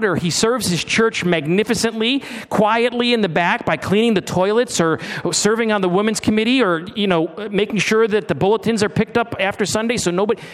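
In a high voice, a middle-aged pastor talks through his sermon conversationally, stumbling over restarts and asking questions of his listeners.

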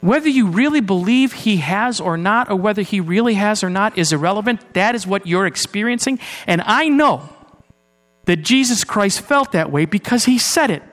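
A man preaching a sermon in a church, earnest, moving between raised urgency and low, hushed passages. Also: lively intonation, normal speed. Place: church sanctuary. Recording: long hall reverb with mains hum.

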